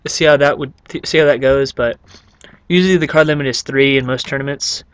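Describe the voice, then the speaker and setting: A man's voice: medium pitch, fairly even intonation, brisk, clean tone, no echo. A man casually explaining his card game deck, rambling and joking with many fillers. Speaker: YouTube card game creator.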